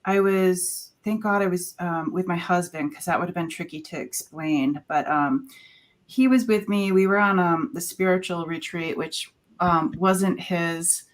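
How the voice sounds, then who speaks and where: A woman, a guest on a talk show, telling a personal story in a halting way with many filler pauses. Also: fairly low pitch, fairly even intonation.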